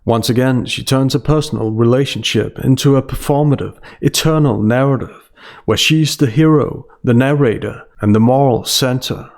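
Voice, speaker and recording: A man's voice: medium pitch, moderate pace, darkish tone. A man giving a scripted analytical voice-over in a dry, sarcastic manner. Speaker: commentary channel host.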